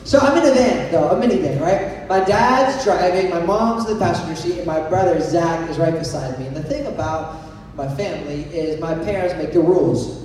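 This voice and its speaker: A man's voice: fairly high pitch, expressive, normal speed, a little mellow, slight background noise. A young man giving a playful, joking youth sermon, telling a story and asking the audience to raise their hands. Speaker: youth pastor. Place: large hall with an audience. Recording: echoey hall recorded from far off.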